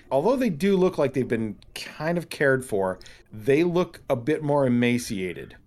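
Acting as game master for a tabletop role-playing game, a man narrates the scene vividly, his pitch jumping suddenly.

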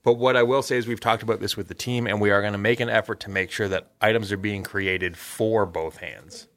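A man with a Canadian accent, an excitable podcast co-host who answers questions about game development. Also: lowish voice, no echo. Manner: excitable, quick quips. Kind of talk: casual podcast chat.

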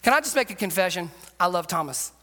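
Male pastor, sermon, earnest, conversational, crisp bright voice, long hall reverb. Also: high-pitched, animated, fast. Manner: earnest, conversational, acts out quotes. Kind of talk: sermon with storytelling.

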